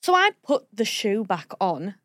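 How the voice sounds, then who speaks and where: A young woman from Nottingham telling a dating story in casual chat, animated and laughing often. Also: medium pitch, measured pace, no room sound, clean studio sound. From Nottingham, England.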